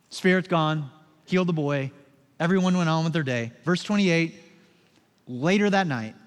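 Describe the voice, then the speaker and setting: A man preaching a sermon as pastor, moving from soft, low, slow passages to loud, emphatic ones in a conversational way. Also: in a large hall.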